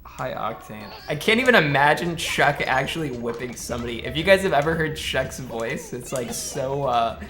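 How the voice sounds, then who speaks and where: A man's voice: mid-range voice, expressive, normal speed, few pauses, sharp tone. A young man live-streaming a speedrun, chatting with his viewers in a blunt, profane, joking way. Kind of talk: casual live-stream chat while gaming. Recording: game music playing clearly underneath.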